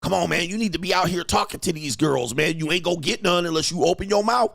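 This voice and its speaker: A man hosting a casual commentary monologue, telling stories in heavy slang, laughing often and acting out pickup lines in a higher voice. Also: fast, gravelly, fairly bright tone, no room sound, studio quality. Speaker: show host.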